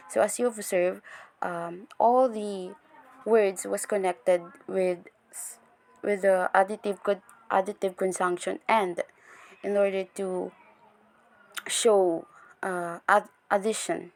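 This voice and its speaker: A woman's voice: mid-range voice, fairly even intonation, slow, creaky. A young woman giving a recorded class presentation, explaining step by step with frequent restarts and fillers. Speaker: student presenter.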